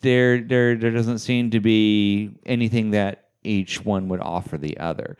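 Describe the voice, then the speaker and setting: A man's voice: lowish voice, fairly even intonation, measured pace, a little mellow, smooth. A man co-hosting a podcast in casual chat, easygoing and agreeable, with many fillers. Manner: conversational, agreeable, filler-heavy. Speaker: podcast co-host.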